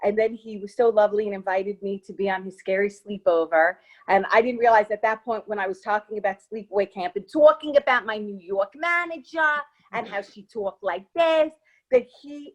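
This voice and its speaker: A woman's voice: mid-range voice, moderate pace, highs cut off. A woman being interviewed as an actress guest, chatting casually in a bubbly, gushing way.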